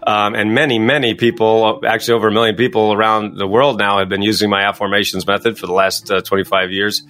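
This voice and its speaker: A middle-aged man talking as a guest in an interview, coaching and explaining his method in a quick, emphatic way. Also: on the low side. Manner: fast, energetic, emphatic. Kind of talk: interview answers.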